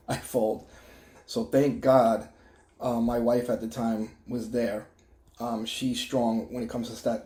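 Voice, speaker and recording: A middle-aged man sharing a personal testimony in an emotional, halting way, with many restarts and fillers. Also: mid-range voice, dark tone, roomy sound. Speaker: testimony vlogger.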